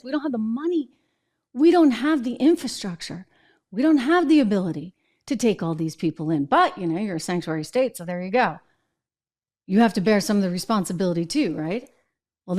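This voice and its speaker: A woman's voice: on the high side, a little mellow. A woman from New Hampshire hosting a political commentary show, indignant and full of rhetorical questions. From New Hampshire, USA.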